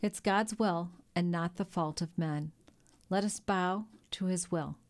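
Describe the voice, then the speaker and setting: A woman voicing a kindly, ruined older male shipowner who speaks in a gentle, melancholy way in a storybook reading. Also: lowish voice, measured pace, close to an everyday voice. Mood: sad.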